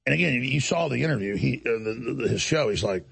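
A man's voice: medium pitch, expressive, a little fast, vocal fry, few pauses, slightly rough. A man hosting a talk show, delivering an indignant monologue and acting out other people's lines as he tells the story. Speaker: show host.

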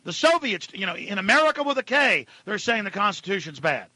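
A male radio talk show host ranting at callers, dropping to a low mutter and then shouting. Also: sing-song, a little fast, slightly rough, no echo.

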